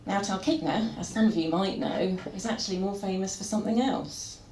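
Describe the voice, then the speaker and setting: A woman's voice: medium pitch, brisk, a little mellow. A woman doing a live stand-up set in a comedy venue, wry and full of puns, chatting with the audience. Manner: wry, pun-heavy, chats with the audience. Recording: echoey venue with crowd noise.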